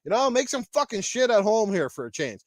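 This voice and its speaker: Male podcast host, angry profane rant, high pitch, dry close sound. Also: very animated, a little fast, no echo. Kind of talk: ranting gaming podcast.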